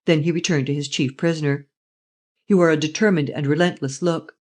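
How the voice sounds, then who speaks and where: A man's voice: steady tone, a little fast, darkish tone. A man reading a classic novel aloud as an audiobook narrator, voicing each character himself. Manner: reads every part himself, changing pitch for the characters.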